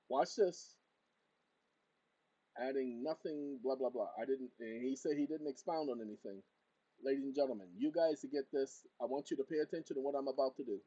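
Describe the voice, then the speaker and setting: A man with a mellow, husky voice runs his own channel and talks viewers through a document on screen. He barks sharp orders at a voice assistant, then drops to low asides for his audience. The recording sounds dull and lo-fi. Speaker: channel host. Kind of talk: casual screen-share walkthrough.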